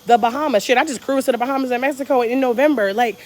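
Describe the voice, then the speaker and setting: An American woman on a live stream, giving an energetic, profane pep talk and reading viewer comments aloud from a hotel room. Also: fairly high pitch, racing. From United States. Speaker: travel vlogger. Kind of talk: live-stream motivational chat.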